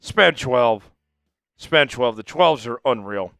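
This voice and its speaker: Gravelly tipsy livestream host, man. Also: medium pitch, lively intonation, slow pace, a bit bright, no room sound, soft background music. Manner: hype chants swinging to emotional thanks. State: drinking, tipsy. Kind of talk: live fan-stream chat.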